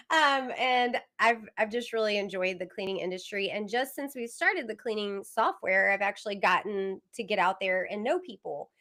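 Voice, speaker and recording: A woman's voice: medium pitch, bright, forceful tone. A woman from Texas with a Texan accent, hosting a live broadcast in an upbeat, enthusiastic way over a video call. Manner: upbeat, enthusiastic, quick introductions. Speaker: host, software company owner.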